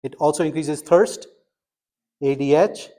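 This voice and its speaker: Middle-aged male instructor, slightly high voice, lively classroom lecture, quizzes students. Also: measured pace. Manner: quizzing students, animated and emphatic. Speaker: medical school instructor.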